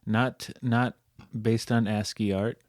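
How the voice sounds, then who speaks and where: An English man co-hosts a relaxed game podcast with a fairly low voice. He laughs easily and pokes fun at himself. His voice sits close to the mic in a dry, dead room. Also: slow, no room sound. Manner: self-deprecating, laughs often, restarts. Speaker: podcast co-host. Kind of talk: casual game discussion.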